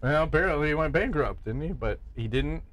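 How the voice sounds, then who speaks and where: A man's voice: on the high side, animated, brisk, fairly bright tone. A man co-hosting a podcast in casual, joking chat, swearing freely. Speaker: podcast co-host.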